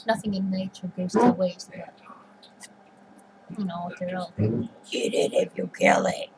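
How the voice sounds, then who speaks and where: A woman vlogger chatting casually while she eats, rambling and sometimes talking with her mouth full. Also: mid-range voice. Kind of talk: casual eating vlog chat. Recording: noisy home recording.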